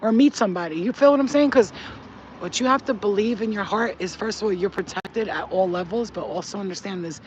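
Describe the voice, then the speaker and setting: A man's voice: high voice, brisk, highs cut off, slight background noise. A man who works as a spiritual healer, chatting casually on a live stream. He talks in a loose, slangy and profane way and reads viewer comments aloud. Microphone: phone.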